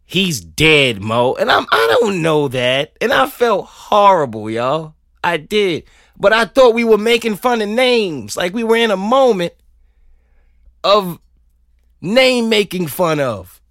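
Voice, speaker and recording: A man's voice: high-pitched, very animated, measured pace, fairly bright tone, dry recording, clean studio sound. A man hosting a podcast, ranting comedically, laughing often and swearing freely. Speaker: podcast host. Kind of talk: comedic rant.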